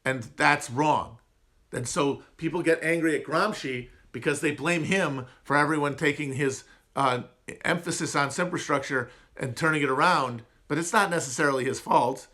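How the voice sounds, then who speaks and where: A man with a nasal upper Midwest twang chats casually on a livestream, wandering from point to point and poking fun at himself. His voice sits a little high and comes out bright and pushy. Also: moderate pace. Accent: upper Midwest American. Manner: rambling, digressive, self-mocking. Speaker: podcast host answering chat.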